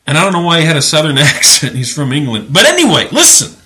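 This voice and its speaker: A man's voice: a little high, wildly swooping pitch, fast talker, pushed and bright. Sarcastic, preachy male podcast host. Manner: emphatic, indignant. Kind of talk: religious commentary podcast.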